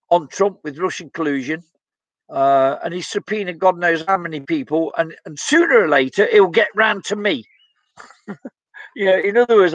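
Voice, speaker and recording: A vlogger with a fairly high voice hosts a casual live stream, reading viewer comments aloud and reacting bluntly and heatedly. He uses many fillers and restarts, and the recording sounds dry, dull, and lo-fi.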